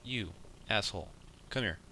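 Young male let's player, deep and edgy, easily annoyed, swears constantly; faint background hiss. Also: moderate pace, bright, forceful tone. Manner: frustrated, swears often, mutters at the game. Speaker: let's play gamer. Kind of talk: casual gameplay commentary.

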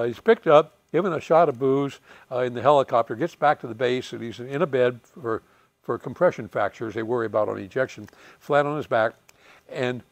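A man in his eighties, a retired fighter pilot telling lively war anecdotes, chuckling and acting out the voices of people he quotes. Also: fairly high pitch, no room sound. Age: 80s. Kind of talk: storytelling anecdotes.

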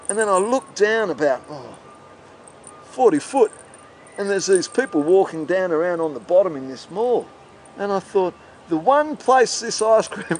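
Crude rambling man, high voice. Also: a little hiss or hum. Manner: crude, boastful, rambling anecdotes. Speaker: comic storyteller. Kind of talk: comic monologue.

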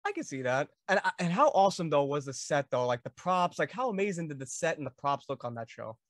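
An enthusiastic man hosts the chat, eagerly quizzing his guest like a devoted fan. His voice sits a bit high and sounds dry and close. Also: very animated, brisk, fairly bright tone, no echo. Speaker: podcast host. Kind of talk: casual interview.

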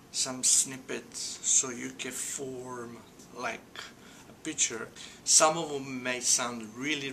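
A man from Naples, telling a casual story in a relaxed way, with many fillers and drawn-out emphasis. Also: medium pitch, gravelly, background noise. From Naples, Italy. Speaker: vlogger. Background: music.

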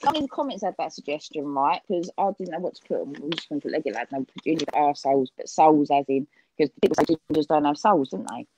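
A woman's voice: low voice, lively intonation, quick pace, darkish tone, slight background noise, rough recording. A woman hosting a casual livestream chat, swearing freely and calling people darling. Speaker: livestream host.

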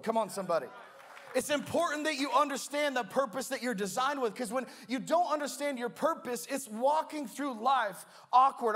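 A young male pastor preaching with an unusually high voice. He is playful and animated, and he acts out a comic story from his own life with plenty of energy. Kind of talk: sermon with humorous storytelling.

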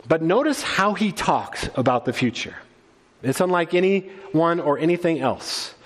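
High-voiced man preaching in a reverberant hall. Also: animated. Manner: earnest, conversational preaching with quick restarts. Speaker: pastor. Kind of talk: sermon. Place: church sanctuary.

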